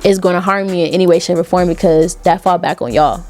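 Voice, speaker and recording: A young woman. She is a podcast guest telling stories in a casual, animated way and acts out what her relatives said. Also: lowish voice, fast, faint music behind. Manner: animated, quotes family members in dialogue. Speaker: interview guest. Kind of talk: casual storytelling.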